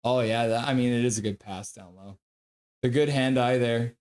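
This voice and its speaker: A man streaming live hockey play-by-play, excitable and profane, reading viewer chat aloud between calls. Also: medium pitch, moderate pace. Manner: excitable, swears, reads chat comments aloud.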